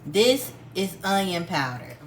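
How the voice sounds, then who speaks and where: A woman with a fairly low voice chats her way through a home cooking tutorial, calling out each step to her viewers. Her tone is relaxed and homespun. Clinking dishes and pans are clearly heard in the kitchen around her. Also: takes it slowly, background noise. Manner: chatty, addresses viewers as y'all, homespun instructions. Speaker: cooking vlogger.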